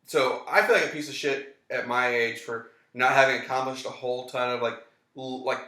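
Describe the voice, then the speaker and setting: A man's voice: medium pitch, moderate pace, pushed and bright. A man in his thirties, a comedian guest, trading dry, sarcastic quips in casual drinking chat. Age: 30s. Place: small apartment. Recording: echoey apartment room.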